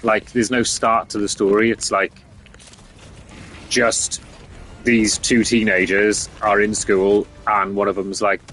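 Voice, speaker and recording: A man's voice: on the low side, level tone, slow pace, a bit bright, a little hiss or hum. A young man streaming a game, chatting casually with lots of fillers and swearing. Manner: rambling, sweary, filler-heavy. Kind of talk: casual chat.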